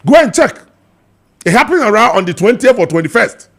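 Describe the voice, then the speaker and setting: A man with a Ghanaian accent hosting a heated political talk show, emphatic and animated, switching between English and Twi. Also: sits high, a little fast. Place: TV studio.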